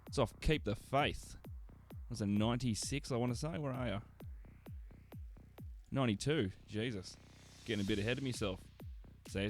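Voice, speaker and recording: Rambling, foul-mouthed Australian man. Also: lowish voice. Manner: rambling, crude and sarcastic, heavy swearing, many fillers. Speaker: radio show host. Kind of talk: casual profane radio banter.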